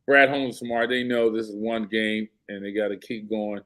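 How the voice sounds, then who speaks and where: A man's voice: fairly low pitch, normal speed. A man in casual sports talk, telling a story with energy and acting out what people said. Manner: animated storyteller, acts out quotes. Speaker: guest.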